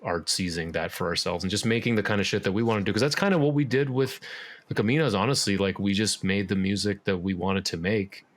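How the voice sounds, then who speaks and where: A man's voice: fairly low pitch, fast. A man speaking as a podcast guest in casual interview chat, rambling with lots of fillers and restarts. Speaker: podcast guest, musician and actor.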